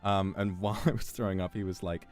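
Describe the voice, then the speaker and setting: A man's voice: low-pitched, little pitch movement, fast, soft background music. A young British man telling a story in a casual chat, often swearing and laughing as he goes. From Britain. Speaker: streamer.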